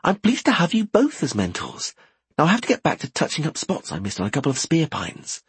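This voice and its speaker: A woman's voice: deep voice, wildly swooping pitch, fairly quick, breathy edge, no room sound, voice pushed up, full character voice. A man reading an audiobook, voicing a playful young woman wizard apprentice with a raised, teasing voice. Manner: bright, teasing. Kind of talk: audiobook character voice.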